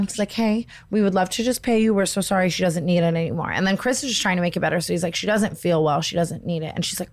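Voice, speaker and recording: A woman's voice: fairly low pitch, fast, few pauses. A woman co-hosting a podcast, telling a story in casual chat with lots of fillers and acted-out quotes. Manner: animated retelling, acts out quoted voices, many "like" fillers. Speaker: podcast co-host.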